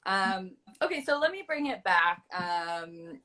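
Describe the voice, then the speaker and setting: A woman fiction writer hosting an interview, chatty and animated, often acting out quick reactions. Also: mid-range voice. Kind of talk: casual conversational interview.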